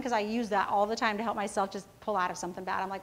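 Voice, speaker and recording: A woman's voice: mid-range voice, steady tone, very fast, few pauses. A woman who founded a company, giving a casual motivational talk to students, telling self-mocking stories and often checking in with the audience. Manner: casual storytelling, often asking the audience "right?".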